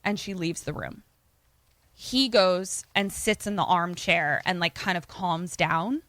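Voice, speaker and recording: A woman co-hosting a podcast, casually retelling a film plot in an animated way and acting out the characters' lines. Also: on the low side, slow, no echo. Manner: animated, acts out quoted lines. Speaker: podcast co-host.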